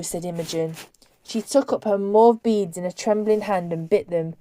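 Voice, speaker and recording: A woman reading a novel aloud as narrator, in a measured, expressive storytelling manner. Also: lowish voice, no room sound. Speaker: audiobook narrator.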